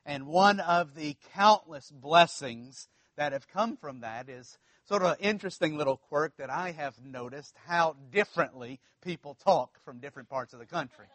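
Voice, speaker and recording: A man's voice: on the high side, moderate pace, fairly bright tone, no room sound. A man from South Louisiana with a local accent, preaching a sermon as pastor in a conversational, storytelling way with folksy asides.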